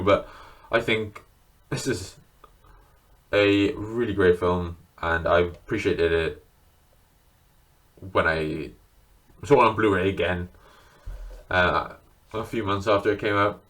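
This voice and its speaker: Man, lowish voice, casual unscripted vlog chat, enthusiastic, swears a lot. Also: normal speed, long pauses, fairly bright tone. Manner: chatty and enthusiastic, swears freely. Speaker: video creator showing his film collection.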